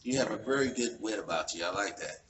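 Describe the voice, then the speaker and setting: An enthusiastic man in his forties interviews someone, his voice rising and falling in a lively way. He sits back from the mic in a roomy space, and a loud crowd fills the background. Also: on the low side, fast talker, distant mic. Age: 40s. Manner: enthusiastic, animated questioner. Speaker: street interviewer. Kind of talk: casual interview chat.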